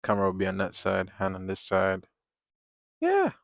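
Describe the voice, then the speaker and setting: A man chatting casually on a live drawing stream, rambling and venting in animated bursts at a desk microphone at home. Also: low voice, fast talker, gravelly, no room sound, studio quality. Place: home, at a table.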